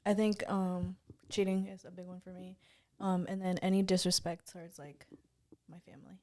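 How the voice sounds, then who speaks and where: A woman's voice: fairly low pitch, flat delivery, normal speed, mellow. A woman co-hosting a casual podcast chat, asking the others questions and laughing along. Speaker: podcast co-host.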